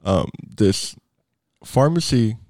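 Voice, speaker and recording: A young man explaining news earnestly and haltingly in casual chat on a podcast. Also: mid-range voice, expressive, darkish tone, dry recording, clean studio sound.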